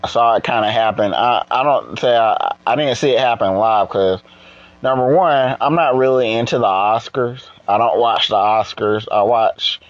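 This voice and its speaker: A tired man hosting a casual solo podcast, rambling and halting with many restarts. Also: medium pitch, muffled recording. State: tired, yawning. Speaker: podcast host.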